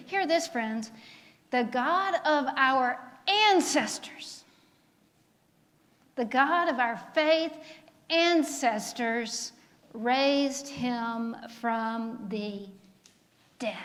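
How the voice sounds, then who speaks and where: A woman's voice: fairly high pitch, very slow, pauses often, fairly bright tone. A woman pastor preaching a sermon, drawing out her words and asking the congregation questions. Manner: preaching with call-and-response questions. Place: church sanctuary. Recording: long reverb of a sanctuary.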